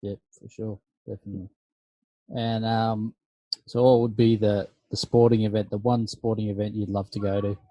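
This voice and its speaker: A man's voice: on the low side, normal speed, dry recording. A man co-hosting a podcast, casually putting questions to a guest. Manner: relaxed, encouraging questioner. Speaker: podcast co-host. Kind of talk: casual interview chat.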